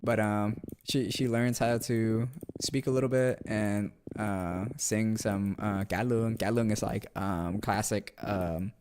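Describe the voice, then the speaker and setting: A man's voice: on the low side, steady tone, a little slow, hardly any pauses, noisy background. A man chatting casually on a stream in a slangy, laid-back way, reacting to chat and often restarting his words.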